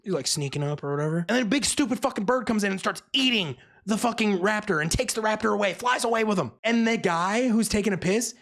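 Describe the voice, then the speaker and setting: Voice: medium pitch, fast, vocal fry, few pauses, a bit bright. A movie reviewer ranting casually and sarcastically, swearing freely and acting out characters in passing. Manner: profane, exasperated, sarcastic; acts out characters mid-rant.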